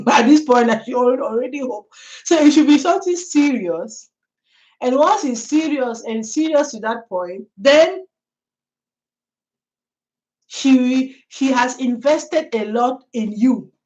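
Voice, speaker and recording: A woman's voice: sits high, animated, slow, pauses often, a little mellow, dull audio. A woman vlogger telling a story in a chatty way, laughing often and talking straight to the viewer. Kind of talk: casual storytelling commentary.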